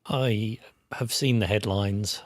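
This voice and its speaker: A man's voice: fairly low pitch, fairly even intonation, takes it slowly, no echo. A man co-hosting a podcast in casual chat, hesitant, with dry understated remarks. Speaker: podcast co-host.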